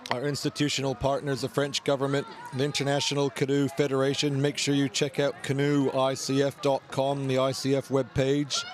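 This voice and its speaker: A man giving brisk live play-by-play commentary at a canoe polo match and reading out a list of sponsors. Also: mid-range voice, completely flat delivery, a little hiss or hum.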